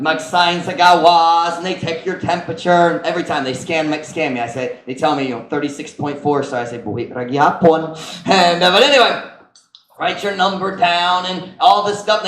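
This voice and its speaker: A man's voice: high-pitched, a bit bright, roomy sound, a little hiss or hum, rough recording. An American man preaching a sermon as pastor, telling stories in a chatty way and mixing in Cebuano phrases. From United States. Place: church.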